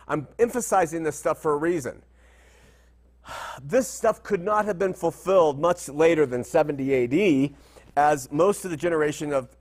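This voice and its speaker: A man teaching through Bible verses in a conversational style, often asking rhetorical questions. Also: a little high. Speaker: preacher.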